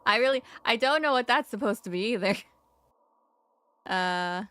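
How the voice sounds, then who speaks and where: A woman's voice: a little high, expressive, moderate pace, pushed and bright. A young woman streaming a horror game, chatting casually and getting flustered, laughing often. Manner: giggly, flustered, talks to the game. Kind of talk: casual let's-play commentary.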